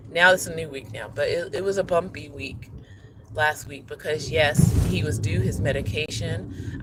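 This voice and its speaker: A man who is a teacher, talking earnestly and candidly in a personal vlog, often checking in with "okay?". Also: a little high. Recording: loud vehicle noise behind.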